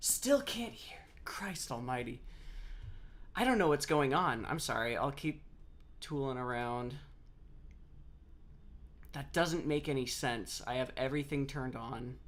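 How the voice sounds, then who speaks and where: A man's voice: mid-range voice, measured pace, long pauses, fairly bright tone. A man on a headset mic giving casual live game-stream commentary, chatty and rambling as he answers chat while he plays.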